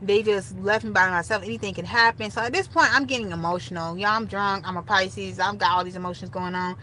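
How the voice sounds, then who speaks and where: A young woman casually telling a story straight to her viewers, animated and chatty. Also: medium pitch, fairly quick, a little hiss or hum, poor audio. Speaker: storytime vlogger.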